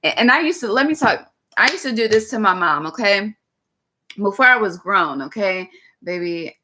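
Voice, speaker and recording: A woman's voice: mid-range voice, animated, normal speed, pushed and bright. A woman giving a chatty, frank tarot reading, calling listeners "baby" and tagging nearly every line with "okay". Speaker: tarot reader. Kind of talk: casual tarot reading monologue.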